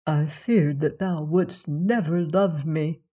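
Woman narrator doing humble young prince, solemn, hushed, devoted, low, unhurried. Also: husky, exaggerated voice. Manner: hushed, solemn, old-fashioned speech.

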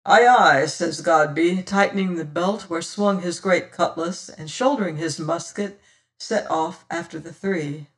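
Slow, measured period-novel narrator. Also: mid-range voice, distant mic. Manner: measured, old-fashioned storytelling. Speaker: audiobook narrator.

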